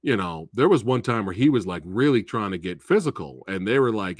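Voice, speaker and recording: A man hosting a live stream, talking about a film in an animated, profane way with frequent laughs. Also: fairly low pitch, fairly quick, hardly any pauses, dry recording, clean studio sound. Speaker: movie reviewer and host. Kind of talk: casual live-stream movie talk.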